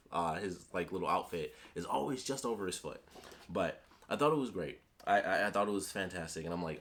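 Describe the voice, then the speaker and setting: Rambling, excitable man reviewing a show. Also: lowish voice. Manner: rambling, animated, swears, trails off. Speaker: YouTube reviewer.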